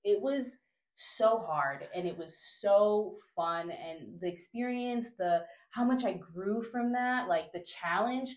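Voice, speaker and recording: A woman from Honduras, a podcast guest, telling a travel story in casual chat, animated, with frequent laughs, fillers and restarts. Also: medium pitch, slow, reverberant.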